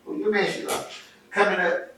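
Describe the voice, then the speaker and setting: A man interviewing a guest, gently prompting with questions and short affirmations. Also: high voice, steady tone, fairly quick. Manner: gentle prompting, short "right" and "mm-hmm" replies. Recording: echoey room, distant mic, faint noise.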